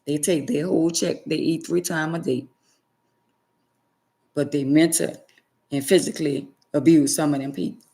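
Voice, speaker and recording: A woman vlogger speaks directly to her viewers in a preachy, scolding way, emphatically repeating phrases to drive her points home. Her voice is low, steady, creaky, and mellow, at normal speed with long pauses.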